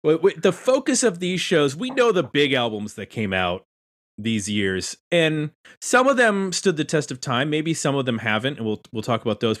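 A man's voice: on the high side, a bit bright. A man hosting a casual podcast roundtable, chatty and self-deprecating as he introduces guests. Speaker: podcast host.

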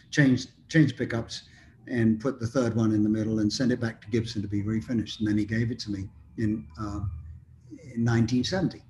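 Older man, rambling anecdotal storyteller, mid-pitched voice, light background hiss. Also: darkish tone. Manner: rambling anecdotal, with frequent ums and restarts. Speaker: guest musician. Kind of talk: casual storytelling interview.

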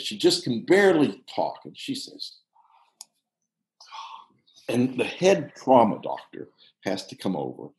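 A man in his sixties from Pittsburgh, telling a long personal story in a casual, halting way with frequent restarts. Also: fairly low pitch. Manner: animated, halting with restarts, drops to hushed tones. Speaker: guest storyteller, former soccer coach. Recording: roomy echo.

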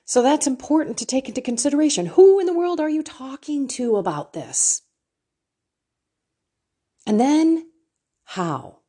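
A woman's voice: sits high, sing-song, measured pace, long pauses, warm tone. A middle-aged woman hosting a Christian talk, candid and emotional, telling personal stories with quoted dialogue. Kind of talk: personal faith talk to listeners.

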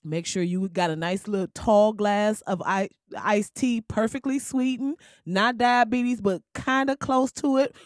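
A woman's voice: medium pitch, a little slow, hardly any pauses, no echo, studio quality. Laughing, slangy woman podcast host. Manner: loud, laughing, slangy and animated. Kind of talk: casual comedic podcast monologue. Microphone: crackly podcast mic.

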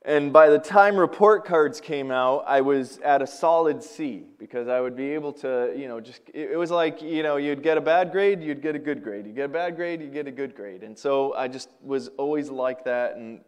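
A male pastor preaching a sermon, telling stories with animation and swinging between loud emphasis and quiet asides. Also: medium pitch, normal speed, clean tone.

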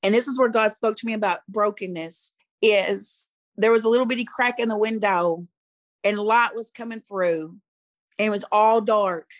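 A woman's voice: mid-range voice, normal speed, no room sound. A middle-aged woman and youth pastor telling her personal story in conversation, earnest and emotional, repeating phrases for emphasis.

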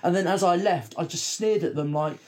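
A man from the UK co-hosting a casual chat, telling animated stories with plenty of swearing. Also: on the high side, brisk. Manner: animated, profane storytelling. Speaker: podcast co-host.

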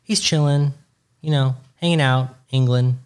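Young male co-host, mid pitch, casual, crude and teasing. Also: steady tone, a little slow, darkish tone, clean tone. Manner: profane, joking, teasing. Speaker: podcast co-host. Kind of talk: casual chat.

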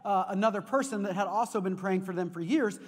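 A man preaching a sermon as pastor, telling stories in an animated way and often repeating words as he goes. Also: sits high, a little fast. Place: church sanctuary. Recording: long reverb of a large hall.

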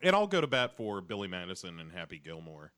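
A man's voice: low-pitched, sing-song, quick pace, a bit bright, clean tone. A man co-hosting a podcast, chatting casually and crudely with jokes and film quotes. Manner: joking, quoting films. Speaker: podcast co-host.

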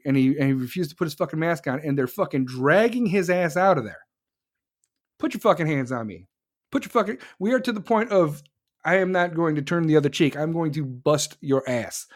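A man's voice: on the high side, animated, normal speed. Profane, fired-up male podcast host. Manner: angry, profane, combative ranting; talks to live listeners. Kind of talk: solo political rant podcast.

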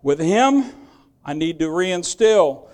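An older man preaching a sermon, telling stories and swinging between loud exhortation and quiet asides. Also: sits high, animated, takes it slowly. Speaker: pastor.

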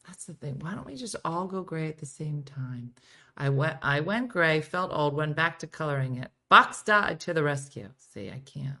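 A middle-aged woman hosting a casual live-streamed morning chat, swinging from quiet asides to loud exclaiming. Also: deep voice, lively intonation, normal speed. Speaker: morning show host.

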